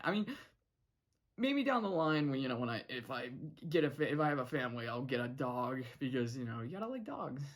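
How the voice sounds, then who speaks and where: Rambling, laughing young vlogger. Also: medium pitch. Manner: rambling, many restarts and laughs. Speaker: show reviewer. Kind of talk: casual vlog episode review.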